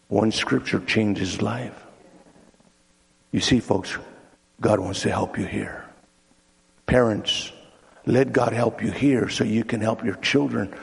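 A man's voice: medium pitch, creaky, a little mellow, husky. A man preaching a sermon in a church, telling a story with acted-out voices and repeated words. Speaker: pastor. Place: church sanctuary. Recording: long hall reverb.

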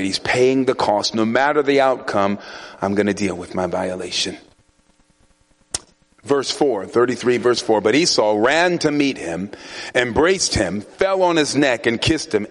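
A man's voice: medium pitch, fairly bright tone. A man preaching a sermon in a conversational, storytelling way, chuckling often. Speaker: pastor.

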